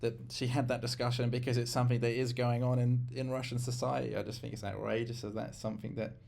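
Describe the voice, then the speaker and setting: A man's voice: mid-range voice, flat delivery, fast, creaky, a little mellow. A man hosting casual commentary, frank and opinionated, speaking straight to viewers. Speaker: host.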